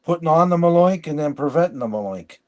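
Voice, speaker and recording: A man's voice: on the high side, lively intonation, fast talker. A man co-hosting a casual podcast chat, rambling through stories with lots of restarts. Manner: rambling, storytelling, frequent restarts. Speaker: podcast co-host.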